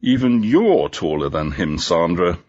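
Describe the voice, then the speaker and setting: A man voicing a persistent, joking male police inspector in a storybook reading, brisk and businesslike, on a dull lo-fi recording. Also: deep voice, big pitch swings, a little mellow, heavily acted.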